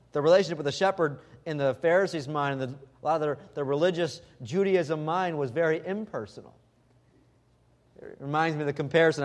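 A male preacher delivering a sermon in a fairly high voice. He builds to loud, emphatic stretches, then drops to quiet, personal appeals to the listener. He restarts phrases often and repeats words as he goes. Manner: swings from loud emphatic passages to hushed, intimate appeals.

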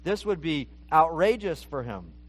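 A man's voice: on the high side, very animated, unhurried. A male pastor preaching an expository sermon, earnest and restarting phrases as he explains the text.

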